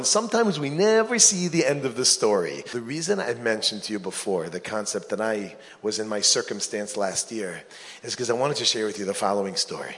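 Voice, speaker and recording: A man's voice: lowish voice, normal speed. A man, a rabbi, giving a sermon and telling stories with joking asides. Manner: animated storyteller, joking asides. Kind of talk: sermon with storytelling. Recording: long hall reverb.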